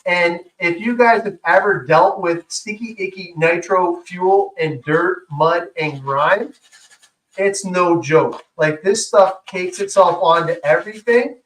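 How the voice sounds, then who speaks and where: This co-host speaks slowly in a high, somewhat bright voice, chatting eagerly and peppering his words with fillers as he shows items off during a casual show-and-tell. He's in an indoor workshop, picked up at a distance with noticeable room echo.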